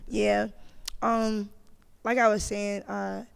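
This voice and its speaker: A man with a hoarse, cracking voice, chatting as a podcast guest in a laid-back, profane, upbeat way. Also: high voice, little pitch movement, slow pace, big-room sound. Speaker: guest musician. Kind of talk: casual podcast chat.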